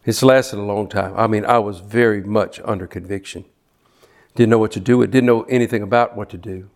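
A man's voice: lowish voice, fairly even intonation, fairly quick. A man preaching a fervent sermon who pushes hard, stumbles and restarts, and drives his points home through repetition.

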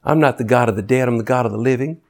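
A man in a sermon voicing God as a warm, inviting host, coaxing and homely. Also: mid-range voice, very fast, natural voice.

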